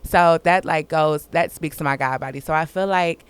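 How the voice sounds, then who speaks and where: A woman who is a guest in a casual interview, talking in an animated, informal way and laughing often. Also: sits low, moderate pace, clear, resonant tone.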